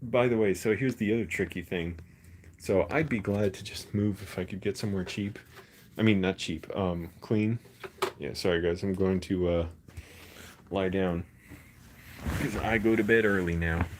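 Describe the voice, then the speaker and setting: A man's voice: deep voice, moderate pace, long pauses, background noise. A man chatting casually on a phone live stream from his bedroom at night, rambling with lots of fillers and restarts. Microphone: phone held close.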